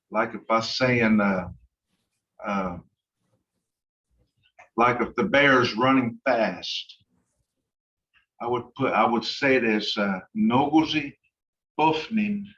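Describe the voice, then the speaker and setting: Unhurried man teaching a language lesson. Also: lowish voice, pushed and bright, far from the mic, dull audio. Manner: slow and halting, many uhs.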